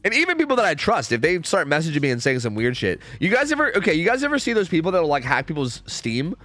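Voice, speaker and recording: Young male streamer, high lively voice, sarcastic and swearing, music faintly behind. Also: fast talker, no room sound. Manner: profane, rambling, sarcastic. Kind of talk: casual chat with viewers.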